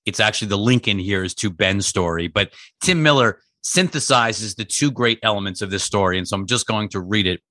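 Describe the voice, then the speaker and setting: A man co-hosting a media podcast, chatting casually with quick excited restarts. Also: on the low side, no echo, studio quality. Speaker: podcast co-host. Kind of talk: casual chat.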